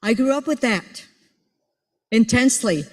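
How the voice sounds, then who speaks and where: A woman's voice: on the high side, lively intonation, measured pace. A woman in her sixties giving a playful, teasing motivational speech to an audience, repeating words for emphasis. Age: 60s. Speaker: conference speaker. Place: large auditorium. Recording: long hall reverb in an auditorium.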